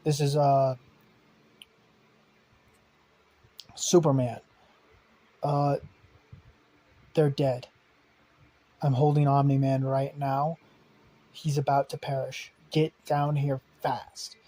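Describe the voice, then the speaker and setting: A man voicing a blunt, foul-mouthed young male superhero who curses often and sometimes drops to a breathy hush. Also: medium pitch, little pitch movement, slow, pauses often. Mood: urgent. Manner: swears constantly, often hushed and breathy.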